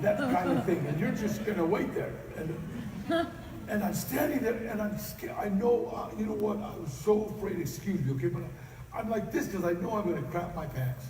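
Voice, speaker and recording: A man giving a personal storytelling speech at a conference, animated and prone to loud acted outbursts. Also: sits high, normal speed, noisy background. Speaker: conference speaker. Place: large convention hall. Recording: echoey hall recording from far off.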